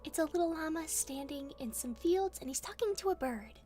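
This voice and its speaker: A young woman with a high, light voice reads bedtime stories in a soft ASMR style. She talks gently and giggles often between pages, with faint music playing underneath. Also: lively intonation, a little fast, hardly any pauses. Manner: gentle, giggly, softly spoken. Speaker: ASMR streamer. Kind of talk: soft ASMR storybook reading.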